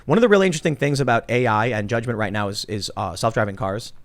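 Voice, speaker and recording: A man hosting a casual podcast discussion, talking in an animated way and acting out robot voices. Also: medium pitch, fast talker, no room sound. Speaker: podcast host.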